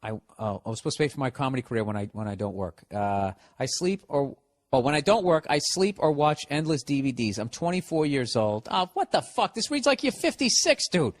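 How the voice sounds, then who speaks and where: A man's voice: medium pitch, fairly quick, darkish tone, no room sound. A man with a Boston accent runs a comedic podcast monologue, riffing through listener problems with sarcasm and constant swearing. His delivery is loose and rambling, with plenty of restarts. The recording is dry and close, with no room sound. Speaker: podcast host. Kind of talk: casual comedic advice monologue. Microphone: podcast studio mic.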